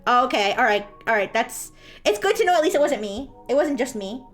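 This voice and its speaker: A woman's voice: a little high, lively intonation, brisk, a bit bright, soft background music. A woman streamer telling a story casually to her chat while drawing, laughing often and swearing freely.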